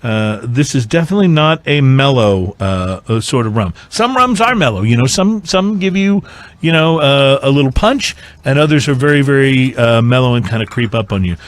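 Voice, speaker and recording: A man's voice: mid-range voice, expressive, normal speed, no room sound. A man hosting a casual tasting podcast, talking in a meandering way with many fillers. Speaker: podcast host.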